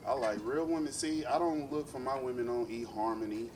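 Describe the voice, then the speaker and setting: On a noisy live club recording, with a distant mic and a loud crowd, a man from East Oakland, California, performs a profane comedy set sprinkled with playful asides. He speaks at medium pitch and a little fast.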